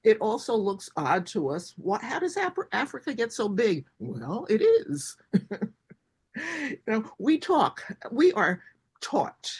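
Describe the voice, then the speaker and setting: Husky-voiced woman from the states, lowish, swings her pitch all over, chatty guest answering questions. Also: slow. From United States. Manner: animated, asks herself rhetorical questions, laughs between points. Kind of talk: conversational interview.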